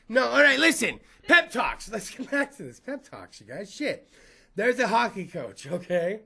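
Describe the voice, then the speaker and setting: A man's voice: high-pitched, very animated, normal speed, creaky, sharp tone. A man hosting a podcast, telling rambling comic stories full of profanity and frequent laughter. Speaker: podcast host. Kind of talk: comedic storytelling monologue.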